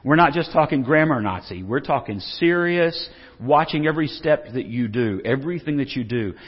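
A man's voice: mid-range voice, expressive, moderate pace, husky. A middle-aged man preaching a humorous sermon, telling stories with jokes and frequent restarts. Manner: joking, storytelling, frequent restarts. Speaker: pastor. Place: church sanctuary. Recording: dull lo-fi recording with long hall reverb.

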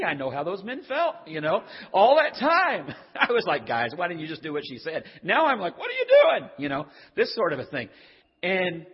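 A man's voice: fairly high pitch, slightly rough. An older man preaching a sermon in a conversational, joking way, acting out the voices in the stories he tells. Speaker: pastor. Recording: dull lo-fi audio with long hall reverb.

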